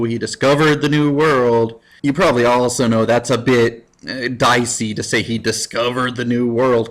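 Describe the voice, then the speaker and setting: A man teaching a recorded history lesson in a casual, playful way, with goofy asides and put-on quotes. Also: medium pitch. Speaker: high school history teacher. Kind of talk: jokey recorded lecture.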